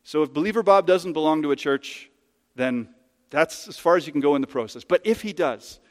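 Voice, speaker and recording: A man preaches from the pulpit with a slightly high voice and a conversational, emphatic delivery. His words ring out with a long church-hall reverb. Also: animated, a little fast. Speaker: pastor. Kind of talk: sermon. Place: church sanctuary.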